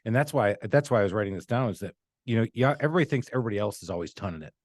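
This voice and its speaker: A man's voice: on the low side, animated, very fast, no room sound. A middle-aged man hosting a casual podcast, a blunt business owner who swears freely and tells stories with energy.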